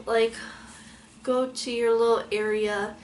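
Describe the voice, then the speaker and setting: High-voiced young woman telling a story. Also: slow. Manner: animated retelling, frequent fillers, dramatic quoted outbursts. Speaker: vlogger. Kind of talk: storytelling vlog.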